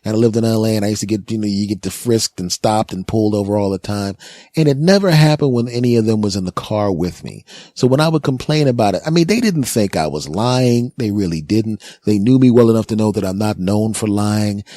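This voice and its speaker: A man's voice: lowish voice, a little fast, dry recording, clean studio sound. A man in his forties doing a comedy monologue as a podcast host, telling stories and acting out the people in them. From United States. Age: 40s. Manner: animated storyteller, acts out other voices, repeats words for effect.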